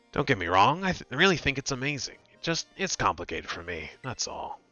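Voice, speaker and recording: Man voicing a game character, aloof young snowboarder gym leader, quiet flat delivery, bright dry voice. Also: medium pitch, moderate pace, dry recording, muffled recording, faint music behind. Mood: aloof, brooding. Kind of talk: reading game dialogue aloud.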